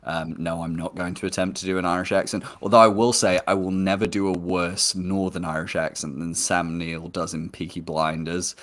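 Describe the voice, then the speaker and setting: A man's voice: low voice, little pitch movement, normal speed, hardly any pauses, fairly bright tone. An English man with a non-standard accent, hosting a casual live stream in a joking, self-mocking, rambling way. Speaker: host.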